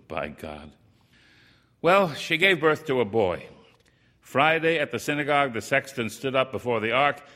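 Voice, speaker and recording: A man's voice: medium pitch, bright, forceful tone. A man reading a first-person story aloud in a plain, wry, rueful storytelling manner.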